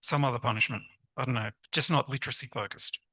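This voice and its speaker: A man giving a lively, encouraging conference talk to teachers and asking the audience questions. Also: mid-range voice, fast, breathy edge, no room sound, rough recording. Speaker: conference presenter on literacy teaching.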